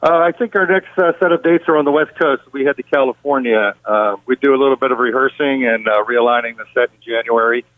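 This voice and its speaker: A man's voice: mid-range voice, no room sound. A man who tours as a rock guitarist, talking casually with lots of fillers in an interview, and rambling as he goes. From Pittsburgh, United States. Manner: rambling, relaxed, many fillers. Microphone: phone. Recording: tinny dry phone line.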